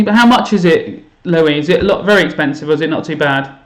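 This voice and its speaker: While gaming on a live stream, a teacher chats with his students from a room at home, self-mocking and voicing his thoughts as he goes. He speaks fast in a fairly high voice, and the room is reverberant.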